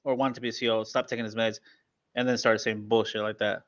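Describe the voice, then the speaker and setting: A man's voice: fairly low pitch, level tone, fast talker, a bit bright. A young man on a casual podcast who jumps in with blunt, profane questions and comments. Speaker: podcast co-host. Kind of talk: casual chat. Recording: dull lo-fi mic.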